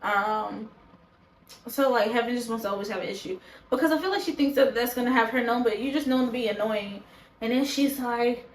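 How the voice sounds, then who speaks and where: A woman's voice: on the high side, a little fast, echoey room, a little hiss or hum, poor audio. A woman reviewing a reality show in casual chat to camera, blunt, profane and opinionated. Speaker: show reaction vlogger. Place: indoors, talking to a camera.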